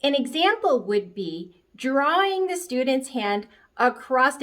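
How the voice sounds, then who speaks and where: A woman's voice: high voice, sing-song, takes it slowly, a bit bright. A woman music teacher explaining a rhythm activity for young children, chanting short and long beats as she demonstrates. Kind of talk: instructional explanation.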